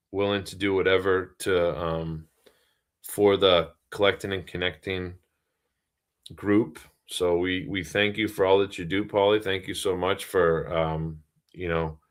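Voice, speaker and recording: Low-voiced easygoing man. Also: a bit bright. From Boston area, US. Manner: easygoing, rambling, many fillers. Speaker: livestream co-host. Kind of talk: casual livestream chat.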